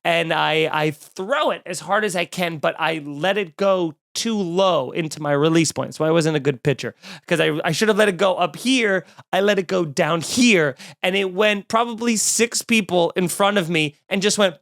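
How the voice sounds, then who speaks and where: A comedian hosting his podcast, telling a story in a casual, animated way, swearing and acting out what people said. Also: high-pitched, moderate pace, no echo, clean studio sound. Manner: animated, swearing, acts out quotes.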